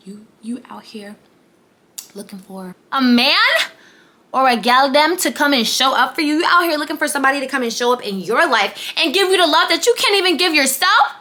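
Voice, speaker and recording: A woman in her twenties giving a chatty, animated motivational vlog, sometimes dropping into whispers and playful asides. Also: high voice, moderate pace, long pauses, slight background noise. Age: 20s. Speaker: vlogger.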